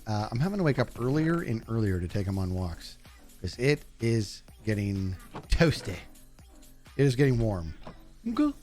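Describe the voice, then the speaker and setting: This is live gameplay commentary from a man who clowns around with his viewers while he plays, talking right to chat and spiking high in pitch whenever he gets excited.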